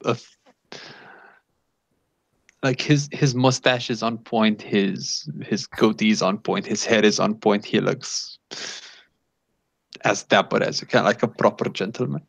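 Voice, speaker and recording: A man's voice: fairly low pitch, unhurried, creaky, long pauses, dry recording. Casual male game master, muffled sound. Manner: loose, casual, rambling with fillers. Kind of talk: narrating a tabletop game. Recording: dull lo-fi sound.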